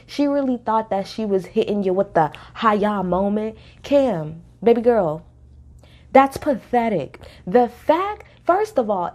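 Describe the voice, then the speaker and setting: A woman's voice: on the high side, darkish tone. A woman giving casual, opinionated commentary in a reality TV recap, talking bluntly and with sass, repeating her points for emphasis.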